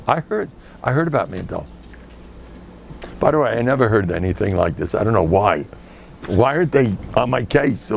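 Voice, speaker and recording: A man's voice: on the low side, sing-song, normal speed, vocal fry, a little mellow, a little hiss or hum. An older man, a rabbi giving a lecture to a live audience, who jokes and tells stories and acts out the people in them. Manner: joking, storytelling, acts out quoted people.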